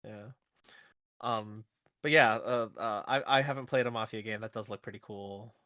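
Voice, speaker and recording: Guy cohosting a game podcast, bright voice, dry close mic, restarts a lot. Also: on the low side, normal speed, no echo. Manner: chatty, restarts phrases, laughs easily. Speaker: podcast co-host. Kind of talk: casual chat.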